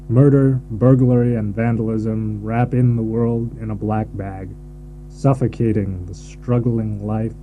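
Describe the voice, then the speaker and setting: A man's voice: on the low side, mellow, a little hiss or hum, low-quality recording. A man reading a poem aloud for an English course with grave emphasis. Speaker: poem reader. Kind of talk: dramatic poetry reading. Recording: hummy course-tape recording.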